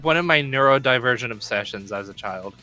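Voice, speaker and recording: A guest on a stream chatting casually, laughing often and speaking with enthusiasm, with quick restarts. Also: medium pitch, expressive, pushed and bright, faint music behind. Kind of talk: casual chat.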